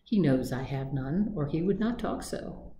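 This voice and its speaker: A woman's voice: deep voice, expressive, measured pace, dark tone, a little hiss or hum. A woman voicing an old, melancholy male horse in a storybook reading, mournful and weary. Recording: echoey room with faint ambience.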